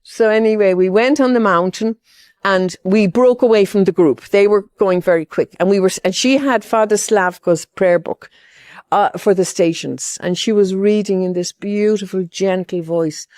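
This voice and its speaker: A woman's voice: mid-range voice, normal speed, darkish tone, no room sound, clean studio sound. An older woman from Ireland giving a personal testimony as a pilgrim, rambling and heartfelt, with many asides.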